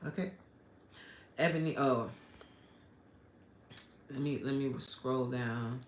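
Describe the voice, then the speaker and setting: A woman with a US East Coast accent, working as a life coach, chats casually on a live stream and reads viewers' comments aloud. She is expressive, laughs often, and drops in a preacher-like "amen.". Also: extremely low pitch, takes it slowly, long pauses, roomy sound.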